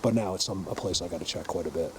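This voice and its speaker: This Bigfoot field researcher speaks very fast in a low voice, insistently addressing viewers while walking through a forest. Recorded on his camera mic, the audio carries noisy outdoor ambience and a faint vehicle.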